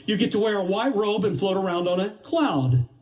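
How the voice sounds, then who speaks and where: A man doing a calm saint at heaven's gate. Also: high-pitched, moderate pace, recorded from a distance, voice pushed up. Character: patient male gatekeeper saint of heaven.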